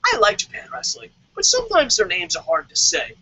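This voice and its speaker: A man rants through a wrestling review, swearing nonstop and jumping into mocking voices. His voice sits very high and bright. The recording is dry and a little dull, with no room sound. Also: fairly quick, hardly any pauses, breathy edge, no echo. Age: adult, calls himself old. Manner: loud, excitable, constantly swearing, acts out mocking voices. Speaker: wrestling vlog host. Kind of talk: profane comedic rant. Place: lives in Tokyo.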